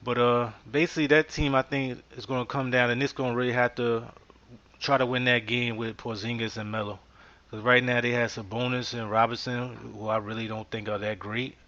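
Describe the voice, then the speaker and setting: A man's voice: medium pitch, little pitch movement, brisk, sharp tone. A man hosting a podcast in a casual, easygoing way, with many fillers. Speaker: podcast host. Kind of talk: casual sports talk. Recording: muffled lo-fi podcast audio.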